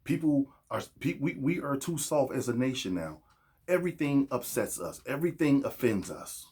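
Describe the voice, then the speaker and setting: Man, podcast host, husky, emphatic monologue. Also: medium pitch, animated, normal speed, darkish tone. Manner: preachy and emphatic, acts out quoted voices. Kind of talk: casual opinion monologue.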